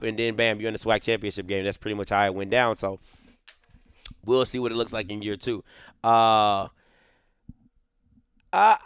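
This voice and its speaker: A man's voice: mid-range voice, a bit bright, clean tone, no room sound, clean studio sound. A man hosting a sports show, giving casual, opinionated commentary. He talks emphatically, repeats his points, restarts sentences and often tags them with "right?".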